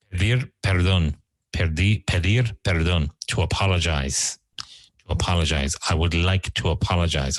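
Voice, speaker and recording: A man's voice: deep voice, no echo, rough recording. A man teaching English vocabulary, repeating each word and explaining how it is used. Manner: repeats words slowly and explains them. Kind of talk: vocabulary lesson.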